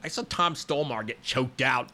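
A man in his fifties chats on a podcast, spinning loose stories with constant fillers and restarts. His voice has a bright, forward edge at an ordinary pitch. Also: moderate pace. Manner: rambling, storytelling with many fillers and restarts. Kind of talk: casual podcast conversation.

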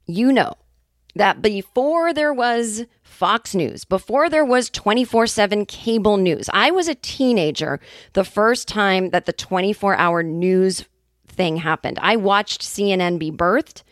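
Comedian woman in her fifties hosting her own podcast, animated and salty, on a dry close mic. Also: medium pitch, measured pace, no room sound. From New England, Boston area. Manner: animated, profane, jokey asides. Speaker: podcast host and stand-up comedian. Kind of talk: casual comedic monologue.

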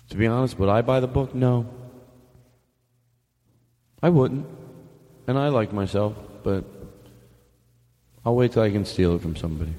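A man's voice: on the low side, warm tone, long reverb tail. A man hosting a podcast, rambling through a silly, mock-grand sign-off with swearing asides. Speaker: podcast host.

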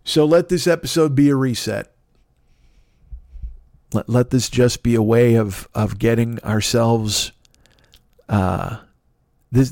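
A man hosts a solo podcast in a casual, rambling monologue. He is self-critical and keeps restarting his sentences in a mid-pitched voice, recorded close and dry. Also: darkish tone, no room sound. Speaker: podcast host.

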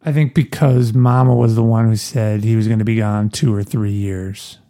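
A man's voice: on the low side, steady tone, normal speed, dark tone. A man co-hosting a casual chat, reading book passages aloud and chuckling often. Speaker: podcast co-host. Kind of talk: casual chat about a novel.

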